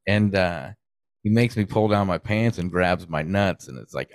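A man with a very low voice tells a story in casual, laid-back podcast chat. He swears freely and laughs at his own tale. The sound is close and dry. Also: normal speed, no room sound. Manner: profane, laughing through his own anecdote.

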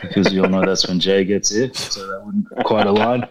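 Easygoing low-voiced man. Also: steady tone, fairly quick. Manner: easygoing, laughs, says mate often. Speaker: guest calling in. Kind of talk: casual chat on a call.

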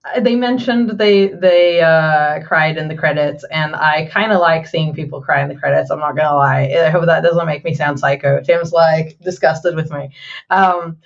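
A woman game developer talking casually in an interview, halting with many fillers and restarts. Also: low-pitched, creaky, dull audio.

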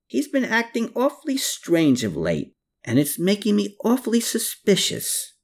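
A woman's voice: mid-range voice, wildly swooping pitch, measured pace, pitched above the performer's own voice, exaggerated voice. A narrator voicing a shrewd, watchful woman in an audiobook, guarded and probing. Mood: worried, secretive. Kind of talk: audiobook character voice.

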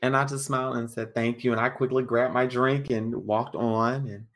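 A man as an interview guest, giving measured, plainspoken answers that he lays out point by point. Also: mid-range voice, fairly even intonation, a bit bright. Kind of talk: casual interview chat.

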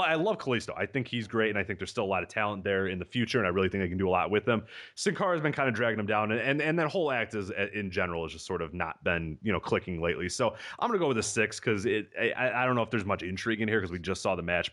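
A man co-hosting a wrestling podcast, quick and agreeable, often laughing in casual chat. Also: lowish voice, fairly bright tone. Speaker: podcast co-host.

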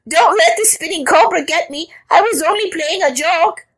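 Woman playing a shrill, panicked caterpillar. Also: normal speed, a bit bright. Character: boastful caterpillar turned terrified, male.

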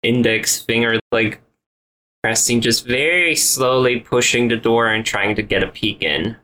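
A man's voice: mid-range voice, a little slow, sharp tone, rough recording. A man playing a tabletop game, describing what his character does in a casual way. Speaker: player.

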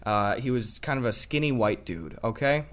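A young man co-hosting a podcast, telling stories in a lively, laughing way and swearing casually. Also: mid-range voice, normal speed. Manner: animated storyteller, laughs a lot, swears freely. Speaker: podcast co-host.

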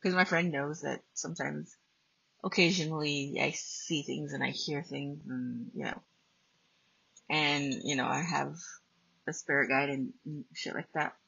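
A woman's voice: low-pitched, steady tone, unhurried, vocal fry, fairly bright tone, slightly rough, no room sound. A woman podcast host telling a personal ghost story in a blunt, profane, casual way. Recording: dull lo-fi dry recording.

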